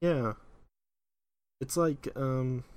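A man's voice: medium pitch, drawn-out words, a little mellow, dry recording. A man co-hosting a podcast, chatting casually with wry, joking asides. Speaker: podcast co-host. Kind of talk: casual chat recapping an anime episode.

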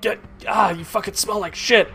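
A man's voice: high voice, fairly even intonation, normal speed, gravelly, soft background music, pitched above the performer's own voice, exaggerated voice. Man doing a choked, cursing street thug. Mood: angry. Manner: cursing, strained and yelling. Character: angry male street thug being choked.

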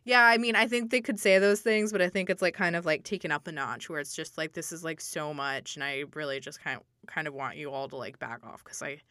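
Young woman podcast co-host, bright and crisp, thoughtful, chatty, close and dry. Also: low-pitched, fairly even intonation, brisk, hardly any pauses, no echo. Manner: thoughtful, chatty, heavy use of "like". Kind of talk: casual chat analyzing a TV episode.

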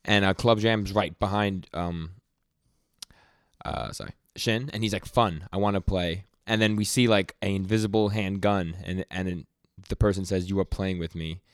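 A podcast co-host, young and male, speaks low in a steady, clean tone, with studio-quality sound and no room noise. He recaps manga casually, voicing scenes in brisk quoted snippets while stumbling and stammering repeatedly.

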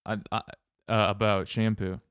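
A man co-hosting a podcast in casual chat, rambling with halting restarts and wry jokes. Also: on the low side, clear, resonant tone, no echo, clean studio sound.

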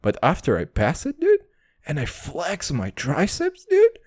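A man's voice: fairly high pitch, huge pitch swings, measured pace, heavy background noise. A young man hosting a podcast, talking in a brash, profane, self-mocking comedic monologue. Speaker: podcast host.

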